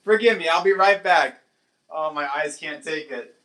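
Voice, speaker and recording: A man with a bright, forceful voice pitched a little above the usual chats with his viewers on a livestream. He laughs often and slips into now and then. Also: normal speed, slight background noise. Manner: chatty, laughs often, switches between English and Portuguese. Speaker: livestream host. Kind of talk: casual chat with live chat.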